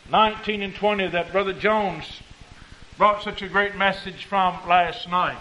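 A high-pitched male preacher with a rural American country accent, swinging from low, quiet passages up to fervent, loud declarations. He draws scripture out slowly and deliberately. The recording is dull and lo-fi. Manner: rising to fervent shouts, slowing on scripture. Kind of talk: sermon.

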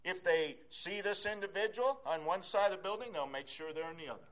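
A male pastor preaching a sermon in a church, repeating key phrases and swinging from quiet to loud. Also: sits high, brisk.

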